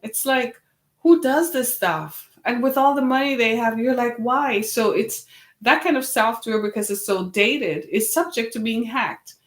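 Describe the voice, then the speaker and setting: A woman's voice: a little high, moderate pace. Woman, casual host chat, tired and a bit wheezy, exasperated rambling asides, echoey room. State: tired, slightly wheezy from no sleep. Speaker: web series host.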